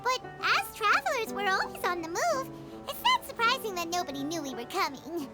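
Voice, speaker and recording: A woman voicing a tiny floating fairy companion in a game, chirpy, excitable and squeaky. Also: fairly quick, over music. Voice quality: squeaky, high and bouncy. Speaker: game character. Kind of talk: game voice acting.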